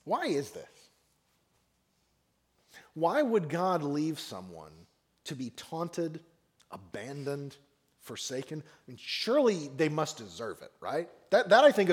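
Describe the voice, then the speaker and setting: A man's voice: on the high side, big pitch swings, a little slow. A man preaching a sermon on a psalm, speaking expressively and acting out the mockers and the psalmist in raised voices. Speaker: pastor.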